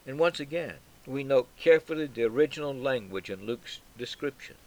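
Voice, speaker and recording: A man's voice: medium pitch, expressive, darkish tone, low-quality recording. A man preaching a sermon with solemn, emphatic delivery, swelling on key words and falling almost to a whisper at the end of phrases. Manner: slow, solemn, emphatic delivery with dramatic pauses.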